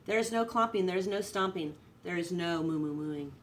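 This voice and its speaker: A woman voicing a fussy male farmer who lays down strict rules in a lowered voice, reading a storybook aloud. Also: fairly quick, recorded from a distance, slight background noise, close to an everyday voice. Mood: stern. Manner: stern, lowered voice.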